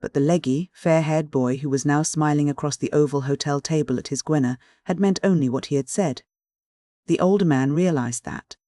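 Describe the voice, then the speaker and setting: An audiobook reader narrating a classic novel in a measured, even manner. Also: medium pitch, no echo, clean studio sound.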